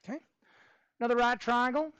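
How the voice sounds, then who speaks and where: A man's voice: extremely high pitch, steady tone, fairly quick, a bit bright, clear, resonant tone, dry recording, highs cut off. A man teaching a math class, upbeat and prompting students for answers.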